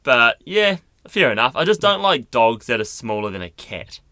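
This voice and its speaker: A man's voice: mid-range voice, very animated, moderate pace, bright, forceful tone, no echo. A young man co-hosting a podcast from a studio, chatting casually with playful, teasing banter. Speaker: podcast co-host. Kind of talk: casual chat. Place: recording studio.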